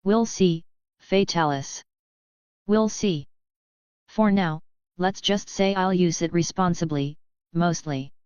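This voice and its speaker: A woman's voice: fairly low pitch, takes it slowly, long pauses, darkish tone, clear, resonant tone, no echo. A woman voicing a brash, theatrical young man who declaims grandly. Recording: dull lo-fi audiobook audio.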